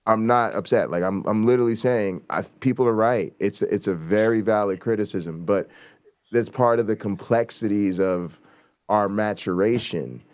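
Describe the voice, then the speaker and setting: Speaking at a normal pace in a fairly low, darkish voice, a man hosts a talk show. His commentary is casual and forceful, he swears liberally, and he often checks in with a rhetorical "right?"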